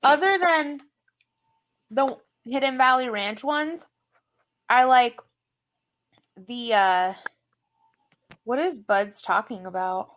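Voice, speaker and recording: A woman with a fairly high voice hosts a relaxed live-stream chat. She drawls her words out slowly, swears often and laughs easily. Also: rough recording. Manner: profane, excitable, laughs often. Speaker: live stream panel host.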